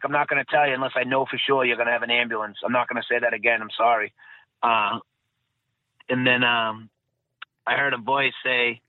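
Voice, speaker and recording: A man's voice: mid-range voice, dry recording. A man recounting his experience in a casual interview, rambling and correcting himself as he goes. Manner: rambling, self-correcting, repeats phrases. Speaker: guest, bombing survivor. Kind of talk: casual interview, personal account. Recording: dry tinny phone-like sound.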